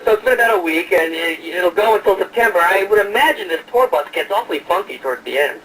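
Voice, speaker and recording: A man's voice: high voice, animated, fast talker, a bit bright, recorded from a distance, low-quality recording. A man hosting an online radio show, chatting casually and jokingly with lots of hesitations and fillers.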